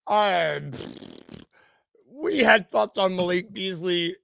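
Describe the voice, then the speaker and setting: A man's voice: high-pitched, takes it slowly, gravelly, a bit bright, no room sound. A man co-hosting a podcast in casual chat, rambling with fillers and laughing easily. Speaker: podcast co-host.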